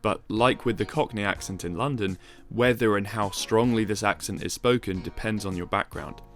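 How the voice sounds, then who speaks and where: A man giving a measured, explanatory, scripted narration for a video essay. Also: fairly low pitch, fairly bright tone, soft background music.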